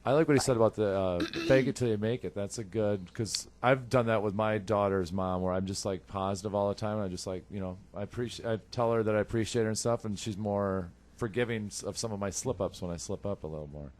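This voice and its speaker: A man with a low voice, co-hosting a radio talk show. He talks quickly and keeps throwing wisecracks into the chat. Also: darkish tone. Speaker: radio co-host.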